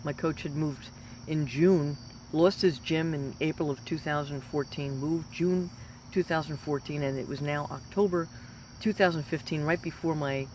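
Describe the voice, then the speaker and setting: A woman's voice: low voice, moderate pace, a little mellow, a little hiss or hum. A woman in her fifties, a professional fighter, giving an emphatic, rambling motivational talk. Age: 50s. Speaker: professional mixed martial arts fighter.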